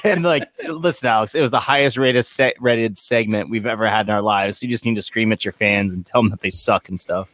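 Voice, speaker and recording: A man's voice: lowish voice, fairly quick, few pauses, a bit bright, dry recording, studio quality. A man co-hosting a podcast in casual chat, full of joking, crude banter. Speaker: podcast co-host.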